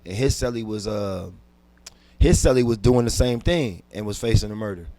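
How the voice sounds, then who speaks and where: Telling an intense personal story as a podcast guest, a comedian drops from hushed tones to loud ones, frequently repeating himself and starting over. His voice is on the low side, at normal speed, with no room sound in the recording.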